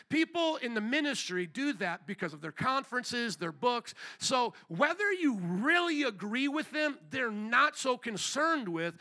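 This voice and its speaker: A male pastor delivers a sermon with a high, ringing voice and a bright, forceful edge. He speaks bluntly and with emphasis, driving his points home by repeating phrases.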